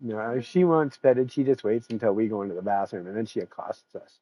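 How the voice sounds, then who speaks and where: A man's voice: fairly low pitch, animated, a little fast, mellow, slightly rough. A man hosting his stream, chatting casually in a rambling, profane way and laughing often. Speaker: streamer host. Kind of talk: casual chat after a sim race stream.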